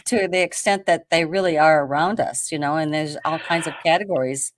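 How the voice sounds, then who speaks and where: A woman's voice: low voice, brisk. A woman hosting a casual online talk show, chatting with her guest and putting in many asides and fillers. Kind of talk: casual interview chat.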